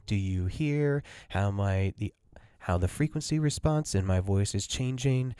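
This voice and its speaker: A man hosting a casual mixing tutorial, talking quietly through a migraine and correcting himself as he explains. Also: fairly low pitch, expressive, unhurried, smooth, dry recording, studio quality. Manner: rambling, self-correcting explainer. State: has a migraine, talks quietly. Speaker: audio mixing host.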